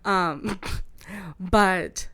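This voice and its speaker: Hesitant low-voiced woman in her twenties. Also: drawn-out words, bright, forceful tone. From Canada. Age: 20s. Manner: hesitant, many likes and ums, laughs while recounting. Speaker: podcast co-host. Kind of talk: casual chat.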